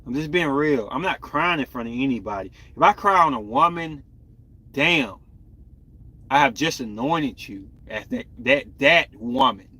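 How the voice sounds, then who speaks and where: Bright-voiced man chatting candidly. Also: medium pitch, expressive, a little slow, husky, no echo. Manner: candid, rambling, talks to viewers. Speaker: podcast host. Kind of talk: casual live-stream chat.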